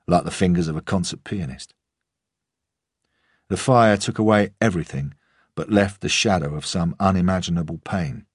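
A man narrating a crime audiobook in the first person, measured and grave, with a husky voice. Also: deep voice, darkish tone, no echo, clean studio sound. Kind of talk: scripted narration.

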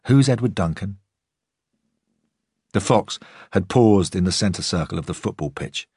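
A male narrator reads a first-person novel in a measured, understated way. His voice is very low and husky. The recording is close and dry. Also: darkish tone, no room sound. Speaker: audiobook narrator.

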